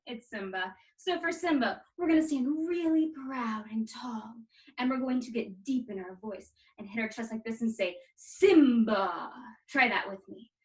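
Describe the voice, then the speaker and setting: A woman teaching artist leading a warm-up with energetic, encouraging cues. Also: on the high side, distant mic, low-quality recording. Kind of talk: guiding a movement warm-up.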